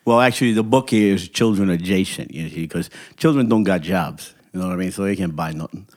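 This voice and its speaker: A man with a New York Italian-American accent and a fairly low voice. He talks gruffly and swears freely. He bristles at any interruption in an improvised comedy sketch. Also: a little mellow. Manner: gruff, profane, quick to take offense.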